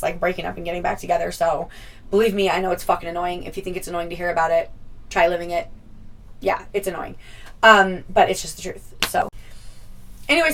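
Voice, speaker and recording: Young woman vlogger, casual storyteller, swears and laughs freely, fry in the voice. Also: lowish voice, far from the mic, low-quality recording.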